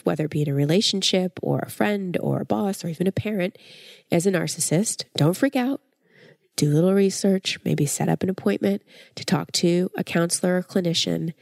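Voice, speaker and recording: A woman's voice: fairly low pitch, creaky, a little mellow, no echo, clean studio sound. A woman hosting a podcast, giving earnest, encouraging advice to listeners while a cold leaves her voice stuffy and nasal. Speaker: podcast host and life coach.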